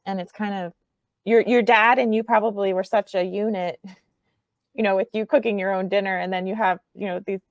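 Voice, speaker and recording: A woman's voice: mid-range voice, steady tone, normal speed, no room sound. Dry, close-sounding woman interviewer. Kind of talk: oral history interview questions.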